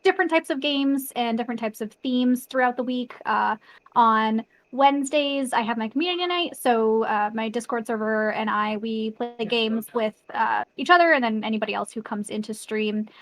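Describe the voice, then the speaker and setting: A woman's voice: on the high side, moderate pace, slight background noise. A woman streamer talking casually as a guest, full of "uh" fillers and joking about herself. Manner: chatty, filler-heavy, self-deprecating. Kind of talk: casual chat.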